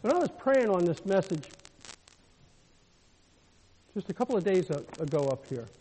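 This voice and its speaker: A high-voiced man preaching with a husky edge, his voice rising to fervent peaks and then dropping to quiet storytelling. The sound rings out with a long reverb, as if from a big hall. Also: very animated, normal speed. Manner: swings from loud shouted preaching to soft intimate storytelling. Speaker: pastor. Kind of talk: sermon.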